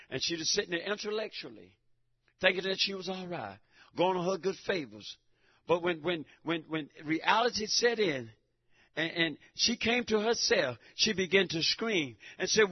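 A middle-aged man preaching a fervent church sermon, swinging between shouted lines and hushed passages, stammering and repeating words. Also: sits high, normal speed. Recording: dull lo-fi recording.

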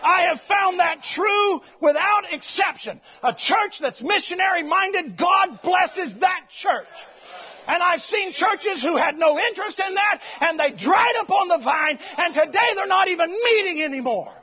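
A man preaching a sermon to his congregation, swinging between loud exclamations and quiet, low passages. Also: moderate pace, hardly any pauses, some chatter behind. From United States. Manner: animated preaching, swings between shouting and hushed. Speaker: pastor. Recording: dull lo-fi recording.

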